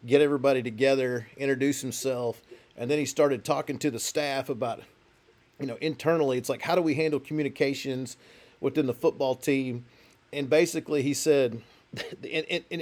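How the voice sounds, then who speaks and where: A man's voice: medium pitch, darkish tone. A man talking football in a casual, rambling way, with many restarts. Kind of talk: casual sports talk.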